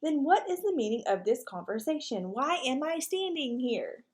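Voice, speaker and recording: A woman's voice: big pitch swings, normal speed. A woman voicing a self-important, blustering male ranch dog who talks in a bossy, pompous way. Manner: bossy and pompous, lower than her reading voice.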